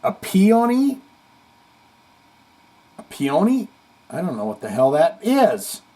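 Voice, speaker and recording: A man's voice: fairly high pitch, moderate pace, breathy edge. Jokey male metal-show host. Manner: jokey, animated, reads comments aloud with asides. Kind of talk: casual livestream chat reading comments.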